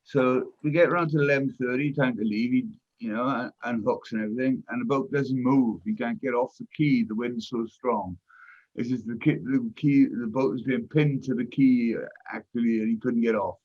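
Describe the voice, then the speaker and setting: An older man hosting a casual chat, telling a loud, profane anecdote with lots of energy. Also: medium pitch, moderate pace. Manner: profane, animated anecdote-teller. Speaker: host. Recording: dull, lo-fi audio.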